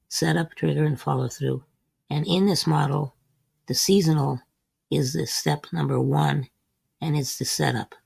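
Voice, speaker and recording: A man's voice: fairly high pitch, gravelly, a little mellow, slightly rough, no room sound. A man hosting a trading lesson, walking through chart examples in a methodical way and repeating short refrains. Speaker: host. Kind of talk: scripted market lesson over a chart screen.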